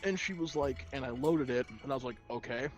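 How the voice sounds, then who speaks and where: A man's voice: mid-range voice, a little fast, muffled recording, faint music behind. A man who works at a gun store, chatting casually on a gaming stream and telling a story by acting out both sides with plenty of swearing. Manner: profane, tells anecdotes by acting out both sides.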